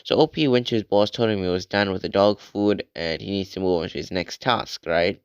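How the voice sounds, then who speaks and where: A young man retelling a story in a relaxed, casual way, often tagging sentences with "right?". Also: sits low, brisk, clear, resonant tone, no echo, lo-fi sound. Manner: relaxed, frequent "like" and "right?" tags. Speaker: channel host retelling an online post.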